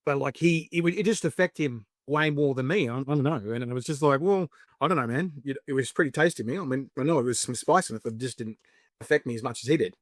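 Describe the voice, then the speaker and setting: A man's voice: medium pitch, fast, dry recording, studio quality. An Australian man chatting casually as a podcast guest, telling stories with lots of fillers. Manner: chatty, storytelling, lots of fillers and acted quotes. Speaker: podcast guest, spicy food show creator. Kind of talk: casual interview chat.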